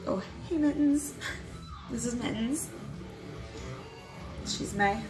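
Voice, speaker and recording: A young adult woman telling a personal story to camera in a vlog, candid and quick to swear, with nervous little laughs. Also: a little high, music in the background, poor audio. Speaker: vlogger.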